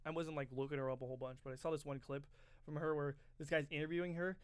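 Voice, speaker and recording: A man's voice: on the high side, fairly even intonation, fast talker, clear, resonant tone, no room sound. A young man co-hosting a podcast, chatting casually and rambling through stories, often acting out movie quotes. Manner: rambling storyteller, acts out movie quotes loudly. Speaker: podcast co-host. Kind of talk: casual chat.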